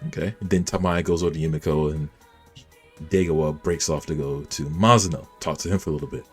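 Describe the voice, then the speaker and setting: A man casually recapping an anime episode, animated and reacting as he retells the scenes. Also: very deep voice, quick pace, slightly rough, faint music behind. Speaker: anime reviewer.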